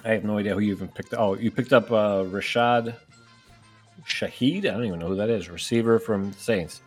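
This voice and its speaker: A man co-hosting a casual fantasy football podcast, relaxed, with lots of "like" fillers and deadpan jokes. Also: on the low side, fairly quick, husky, faint music behind. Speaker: podcast co-host.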